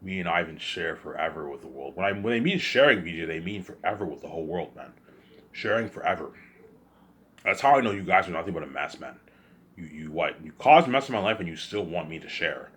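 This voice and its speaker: Deep-voiced man ranting in agitation. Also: lively intonation, fairly quick, a bit bright. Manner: agitated, repetitive, accusing. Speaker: vlogger. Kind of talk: ranting monologue to camera.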